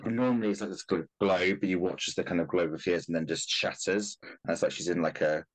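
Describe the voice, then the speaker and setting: A man playing a tabletop game, describing his character's actions in a relaxed, casual way. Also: low voice, a little fast. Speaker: player. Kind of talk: tabletop role-play.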